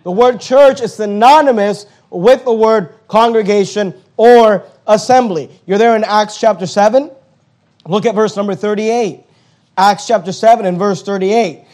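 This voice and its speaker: High-voiced man preaching emphatically. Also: unhurried, darkish tone. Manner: emphatic preaching, stresses key words. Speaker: pastor. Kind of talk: sermon.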